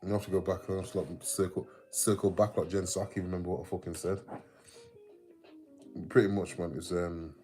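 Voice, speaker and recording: A man's voice: low voice, flat delivery, brisk, mellow, faint music behind. A man with an English Midlands accent, rambling casually on a livestream, swearing freely and reading out viewer comments. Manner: chatty and rambling, sweary, laughs often, reads out viewer comments. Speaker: livestream host.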